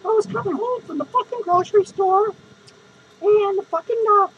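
A man's voice: very high-pitched, moderate pace, highs cut off, background noise. A man playing a foul-mouthed, drunk, lonely female clown who rambles, curses constantly and grumbles through a comic podcast monologue. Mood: cranky. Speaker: podcast host character. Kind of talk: improvised comedy monologue.

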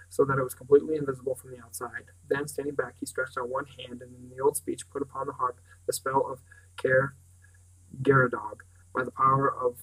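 A man's voice: medium pitch, fairly bright tone, breathy edge, low-quality recording. A man reading a novel aloud as narrator, now and then stumbling and restarting words. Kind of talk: audiobook reading.

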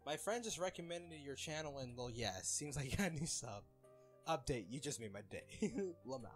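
A man's voice: medium pitch, animated, moderate pace, faint music behind. A young man reading fan comments aloud in casual chat, laughing often and getting flustered over names.

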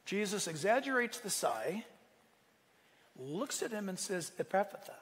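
Man, pastor, animated sermon, high voice, long hall reverb. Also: unhurried. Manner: animated preaching, acts out quotes, asks the room.

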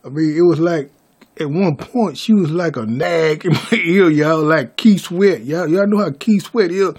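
A man's voice: on the high side, a little slow, a little mellow, slightly rough. A man vlogging a story to his viewers, stammering through restarts and calling them y'all.

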